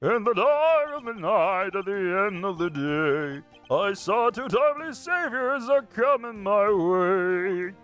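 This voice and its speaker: A hammy prison guard , voiced by a man, announces himself in a high sing-song. Every phrase is stretched out like a stage act. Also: lively intonation, slow pace, fairly bright tone, faint music behind, heavily acted. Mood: showy. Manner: sing-song showman delivery. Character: theatrical rhyming male prison guard.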